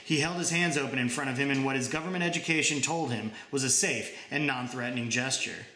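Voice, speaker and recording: A young man reading his own short story aloud in even, plain narration. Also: medium pitch, fast talker, roomy sound. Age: young adult.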